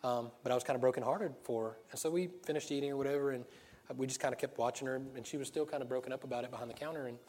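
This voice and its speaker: A man preaching at an everyday middle pitch, speaking to his congregation as if chatting with friends. He moves easily between stories and scripture and tosses out questions for them to answer. A light laugh keeps breaking into his talk. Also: fairly even intonation, racing, darkish tone. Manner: conversational storytelling, rhetorical questions, frequent laughs. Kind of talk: sermon.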